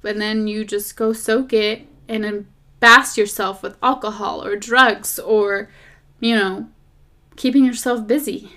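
A woman hosting a podcast, chatting casually about faith and dating in a rambling, animated way, recorded as a phone voice memo. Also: mid-range voice, measured pace. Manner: rambling and animated, drifting off topic, lots of fillers. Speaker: podcast host.

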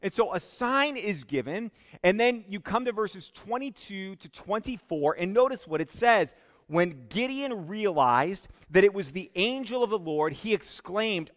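A man preaching a sermon as pastor, slow and emphatic, dropping to a hush on key words. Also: high voice, lively intonation. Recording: long hall reverb.

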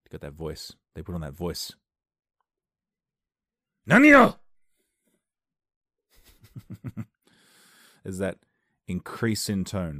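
A man's voice: extremely low pitch, no echo. A young man hosting a casual solo podcast from a dim room at home, rambling playfully and laughing at his own jokes. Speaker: podcast host.

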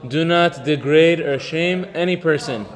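A man giving an informal Torah lesson, talking conversationally, mixing in Hebrew terms and telling stories with halting fillers. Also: on the high side. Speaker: Torah class teacher. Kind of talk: informal religious lesson with storytelling.

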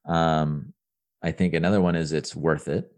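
A man in his thirties with a deep, low voice talks in a casual podcast interview. He rambles upbeat and earnest, stumbling over restarts and repeated words as he goes. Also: steady tone, normal speed, darkish tone. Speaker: entrepreneur guest.

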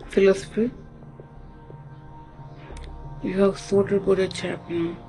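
A storyteller with an Indian English accent, talking casually and haltingly, acting out the dialogue and switching into Hindi now and then. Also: mid-range voice, flat delivery, warm tone. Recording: music playing behind the voice.

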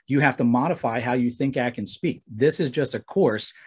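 A man's voice: mid-range voice, moderate pace, slightly rough. A man in his forties, a guest trainer telling stories in a casual podcast conversation. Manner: storytelling, animated when acting out quotes.

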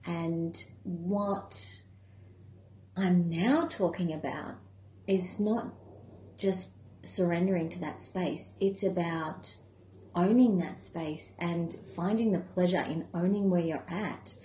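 A woman wellness coach giving a calm, gentle self-help talk in a conversational way. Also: on the low side, takes it slowly, slight background noise. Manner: calm, gentle, conversational, with many "you know" asides. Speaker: wellness coach running a membership program. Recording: echoey room.

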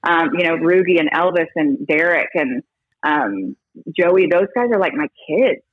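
A woman who reports on baseball broadcasts, chatting in an interview as an animated storyteller who restarts her sentences a lot. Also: deep voice, unhurried, no echo, muffled recording. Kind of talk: casual interview talk.

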